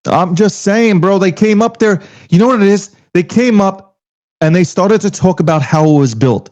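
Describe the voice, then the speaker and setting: A crypto commentator delivers a heated, casual and profane rant, firing off emphatic rhetorical questions. His voice is high and darkish in tone, at normal speed. The audio is dull and lo-fi.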